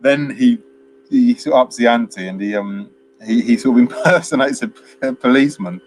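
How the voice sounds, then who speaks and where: A man's voice: medium pitch, normal speed, a little mellow, slight background noise, low-quality recording. A man co-hosting a film chat, casually retelling a plot in a rambling way with lots of fillers and chuckles. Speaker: film podcast co-host.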